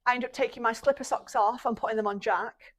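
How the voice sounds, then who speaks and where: A woman's voice: on the high side, fairly even intonation, quick pace. A young woman hosting a podcast, telling parenting stories in a chatty way and laughing often. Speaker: podcast host. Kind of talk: casual chat.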